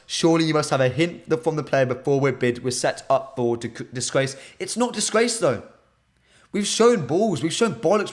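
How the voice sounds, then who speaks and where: A young man with a British accent hosts a live stream, talking casually and replying to comments from chat. His voice sits a bit high for a man, and he keeps up a lively, bantering flow. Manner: animated, reads chat comments aloud and banters with viewers.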